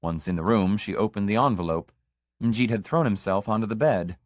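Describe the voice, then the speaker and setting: A male audiobook narrator with a low voice, reading in a measured, even storytelling manner. The recording is close and dry, with no room sound. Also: no echo. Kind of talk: scripted narration.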